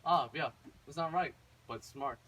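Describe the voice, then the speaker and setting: A bossy stepmother who barks orders and scolds the children, as a storytelling man puts her on. The voice is fairly high and comes from some way off the mic, with faint noise behind. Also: a little slow, a bit bright, recorded from a distance, low-quality recording. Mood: scheming.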